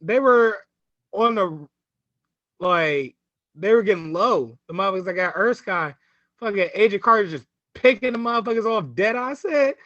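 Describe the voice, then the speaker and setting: Male podcast co-host, high, bright tone, profane and animated storyteller. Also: normal speed, no room sound, highs cut off. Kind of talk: casual chat.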